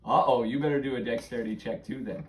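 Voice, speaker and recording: A father running a tabletop game for his kids as game master, patient and gently coaxing. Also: mid-range voice, steady tone, quick pace, very noisy.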